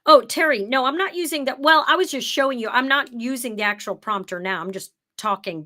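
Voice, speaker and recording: A middle-aged woman leads an online workshop from her home office. She talks in a loose, chatty way, walking through her examples one step at a time. Now and then she slips into a crisp, emphatic broadcaster read to demonstrate. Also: mid-range voice, pushed and bright. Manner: drops into emphatic, broadcaster-style read when showing the script. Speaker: workshop presenter.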